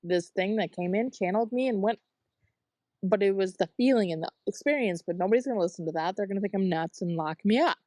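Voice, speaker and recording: A woman's voice: medium pitch, fast, warm tone, no room sound, clean studio sound. A woman who works with clients, telling stories animatedly in a candid podcast chat and swearing freely. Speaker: coach working with clients.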